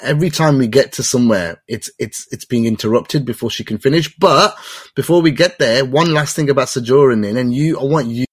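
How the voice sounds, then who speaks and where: A man hosting a casual TV review chat, talking excitably in a rambling way with lots of repeats. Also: mid-range voice, fairly quick, slightly rough, dry recording. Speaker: host.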